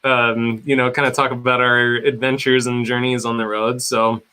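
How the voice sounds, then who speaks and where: Bright-voiced laid-back man. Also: medium pitch, level tone, moderate pace, clean tone. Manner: laid-back, loose phrasing with fillers like "kinda". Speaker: co-host, hair educator. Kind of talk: casual chat on a video call. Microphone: video call.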